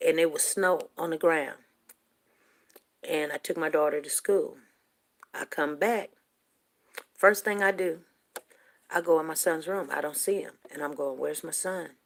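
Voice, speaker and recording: Older woman, low and gravelly, rambling emotional storyteller. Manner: rambling, emotional retelling, rising to near shouting at tense moments. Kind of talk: casual personal storytelling.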